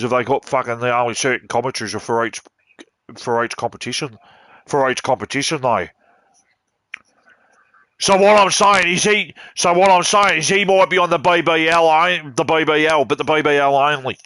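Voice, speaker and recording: A man's voice: a little high, normal speed, bright, forceful tone, no room sound. An Australian man streaming a game, ranting bluntly and swearing as he talks. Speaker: gaming streamer. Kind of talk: casual ranting while playing.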